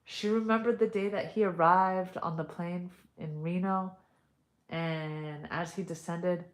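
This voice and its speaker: A woman's voice: on the low side, steady tone, a little slow. A woman reading a family story aloud in a casual storytime, breaking off into chatty asides.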